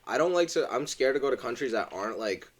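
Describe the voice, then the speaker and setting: A man's voice: mid-range voice, animated, fast. A young man co-hosting a podcast, rambling and joking with lots of fillers. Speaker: podcast co-host. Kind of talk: casual chat.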